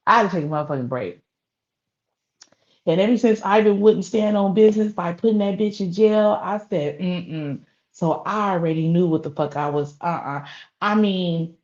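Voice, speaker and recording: A woman doing casual live-stream gossip commentary, profane and animated, laughing often. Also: medium pitch. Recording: slightly dull lo-fi audio.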